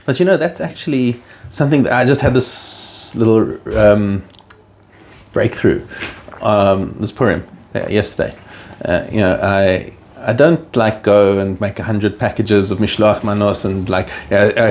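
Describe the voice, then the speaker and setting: A podcast host talks in a casual conversation with a mid-range male voice. He thinks aloud, pausing and restarting as he works through his ideas in a reflective way. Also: medium pitch, expressive, darkish tone.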